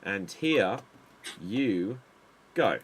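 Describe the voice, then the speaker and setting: A man hosting an improv game, calling time and joking with wry, unhurried banter. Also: lowish voice, animated, a little hiss or hum. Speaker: improv show host.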